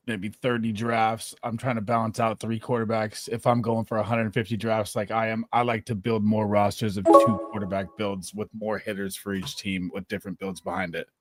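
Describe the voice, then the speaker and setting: Laid-back rambling co-host, lowish voice. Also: male voice, fairly bright tone, no room sound, clean studio sound. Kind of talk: casual livestream chat.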